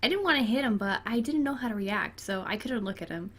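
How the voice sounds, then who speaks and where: A woman's voice: a little high, animated, a little fast, fairly bright tone. A woman gamer reading a dating game aloud and breaking off into chatty, giggly asides, including talking to her cat. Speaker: let's play gamer.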